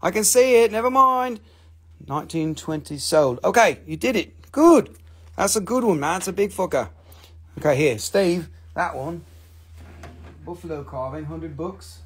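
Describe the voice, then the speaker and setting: A man's voice: a little high, lively intonation, measured pace, breathy edge. A man hosting a casual live sale of stones, joking, rambling and swearing as he talks. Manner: joking, profane, rambling salesman. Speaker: live stream mineral seller. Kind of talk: casual live sales chat.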